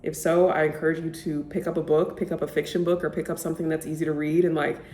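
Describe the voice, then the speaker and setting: A woman's voice: low voice, level tone, quick pace, mellow. A young woman vlogger chatting casually about books she loves, gushing and peppering her talk with "like". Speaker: book vlogger. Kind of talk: casual chat to camera. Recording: echoey room.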